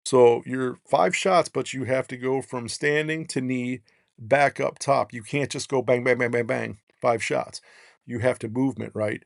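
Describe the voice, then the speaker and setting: A man, a podcast guest, telling long rambling stories in casual chat and tagging his points with quick checks on the listener. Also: mid-range voice, fairly even intonation, gravelly, no room sound, clean studio sound. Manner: rambling, peppers lines with "right?". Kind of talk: casual storytelling.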